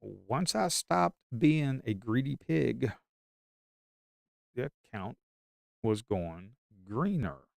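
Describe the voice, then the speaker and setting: A man's voice: medium pitch, lively intonation, extremely slow, gravelly, pauses often, no room sound, studio quality. A man giving live stock trading commentary in an emphatic, repetitive way.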